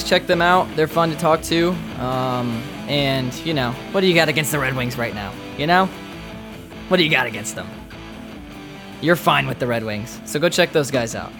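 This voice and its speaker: A man hosting a hockey podcast, talking casually with rambling asides, joking tangents and many fillers. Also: mid-range voice. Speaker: podcast host.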